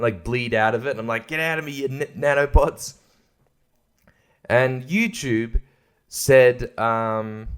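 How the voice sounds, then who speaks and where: A man hosting his own podcast, ranting angrily and profanely, with mocking quoted voices. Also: mid-range voice. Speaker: podcast host. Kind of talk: angry comedic rant.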